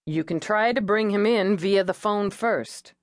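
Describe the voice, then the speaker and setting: A man's voice: high voice, a little slow, no room sound, studio quality. A woman reading an audiobook voices a matter-of-fact male police captain who talks in a clipped, businesslike way.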